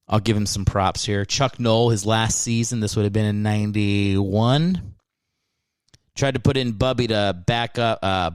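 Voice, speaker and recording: A man's voice: mid-range voice, clean tone, dry recording, studio quality. Rambling, profane male podcast host. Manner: rambling, profane, self-mocking. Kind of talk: casual podcast monologue.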